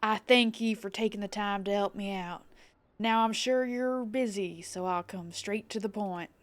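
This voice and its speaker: A woman voicing a gruff male tavern keeper in a put-on southern pirate accent, drawling and rolling her R's as she reads. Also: mid-range voice, fairly even intonation, normal speed, lightly acted. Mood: gruff confiding. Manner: drawling, rolled R's, reading aloud.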